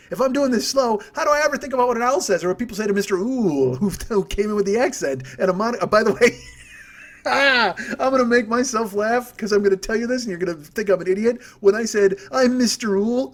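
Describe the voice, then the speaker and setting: A man hosting a comedy podcast from home, ranting in a rambling, profane, self-mocking way. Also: high-pitched. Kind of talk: comic rant monologue.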